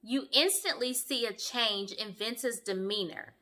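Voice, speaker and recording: Brief: lively young woman reviewer, bright sharp voice, a touch high, sassy and direct. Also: unhurried. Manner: sassy, animated, talks straight to viewers. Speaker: online show reviewer. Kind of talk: casual commentary.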